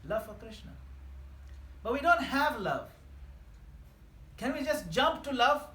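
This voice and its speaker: A man giving an earnest devotional class, voicing prayers in a soft pleading tone. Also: very high voice, very animated, slow. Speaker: spiritual teacher. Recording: echoey room with faint noise.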